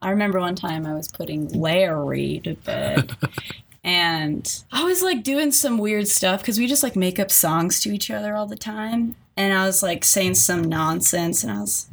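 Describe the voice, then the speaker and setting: A woman's voice: lowish voice, moderate pace, gravelly, slight background noise. A young adult woman, a caregiver, telling stories in casual chat, rambling with lots of fillers and frequent laughs.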